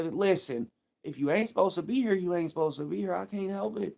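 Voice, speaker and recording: A man's voice: high-pitched, normal speed, creaky, darkish tone. A man live streaming, talking in a casual, heated and profane rambling rant.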